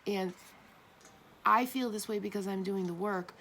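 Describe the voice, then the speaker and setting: A woman's voice: mid-range voice, fairly even intonation, normal speed, fairly bright tone. Emphatic woman giving a spiritual reading. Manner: emphatic, blunt, swears for emphasis. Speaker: tarot reader. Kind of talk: spiritual reading to a live audience.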